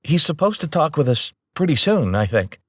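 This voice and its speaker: A man's voice: fairly high pitch, very animated, normal speed, no room sound, voice pushed up. A tense middle-aged mother answers in short, clipped, sarcastic bursts, as a man puts her on. The voice is pushed up well above the reader's own, and the sound is dry and close. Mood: curt.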